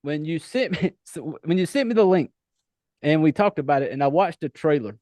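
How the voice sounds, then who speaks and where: A man's voice: a little high, expressive, fairly quick, a little mellow, no room sound. Chatty Southern-twanged man, dry sound. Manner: chatty, swears freely, laughs often. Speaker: podcast host. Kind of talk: casual interview chat.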